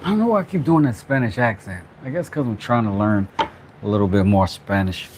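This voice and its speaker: A father who runs a craft channel hosts a casual workshop vlog, rambling playfully and tossing in jokey asides while he works. His voice is fairly low and expressive, his pace brisk, with background noise behind him.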